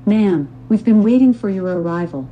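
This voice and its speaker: A woman's voice: medium pitch, lively intonation, normal speed, phone-quality sound, a little hiss or hum, natural voice. A woman voicing a curt young female social worker, formal and clipped in her speech.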